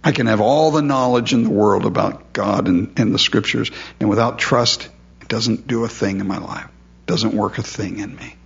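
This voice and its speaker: A man's voice: lowish voice, normal speed, gravelly, dull audio. A man preaching a sermon in a conversational way, asking his listeners questions and repeating words as he goes. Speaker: pastor.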